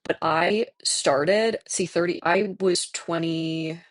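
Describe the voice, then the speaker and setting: A streamer in their twenties, hoarse from tonsillitis, chatting candidly with viewers and laughing often while playing a game. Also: mid-range voice, steady tone, slow, no echo. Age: 20s. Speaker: livestreamer reading chat.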